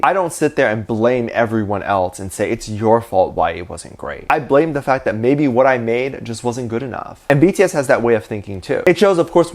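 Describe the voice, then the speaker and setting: A man's voice: medium pitch, darkish tone. A man talking casually to camera as a vlogger, gushing with enthusiasm about a pop group. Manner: gushing, enthusiastic fan talk.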